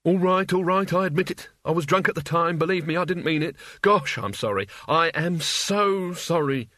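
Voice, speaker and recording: A man's voice: on the high side, normal speed, bright, forceful tone, dry recording, studio quality, pitched above the performer's own voice. A man voicing a nervous, cringing male wizard who stammers and fawns with endless apologies, in a storybook reading. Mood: pleading. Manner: fawning, stammering, over-apologetic.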